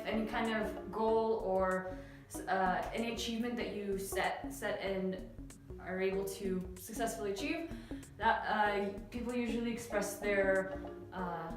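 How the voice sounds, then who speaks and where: Young woman teaching english, chatty and relaxed, lots of um and uh, really echoey room. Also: medium pitch, moderate pace. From Canada. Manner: relaxed and chatty, with frequent fillers. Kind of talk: casual explanatory lesson. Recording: very echoey room with faint music.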